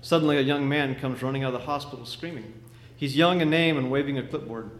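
A man preaching a sermon, telling a vivid story with dramatic swings from loud to hushed. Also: mid-range voice, quick pace. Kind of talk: sermon illustration. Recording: echoey hall with faint noise.

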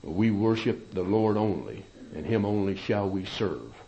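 A man preaching a sermon, emphatic, with loud peaks and quiet asides. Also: lowish voice, very animated, unhurried, vocal fry, highs cut off.

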